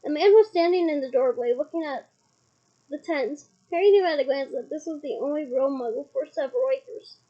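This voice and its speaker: A woman's voice: high-pitched, brisk, lo-fi sound. A woman from Scotland reading a novel aloud chapter by chapter, with chatty asides between passages. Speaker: book reader.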